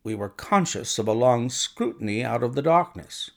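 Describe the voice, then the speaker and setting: A man's voice: medium pitch, expressive, gravelly. Man reading a classic story aloud. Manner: measured storytelling. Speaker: narrator. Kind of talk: scripted audiobook narration.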